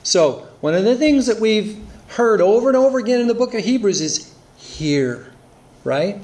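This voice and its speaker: A man's voice: high voice, animated, normal speed, a little mellow. A man preaching an earnest expository sermon, reading scripture aloud and explaining it. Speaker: pastor.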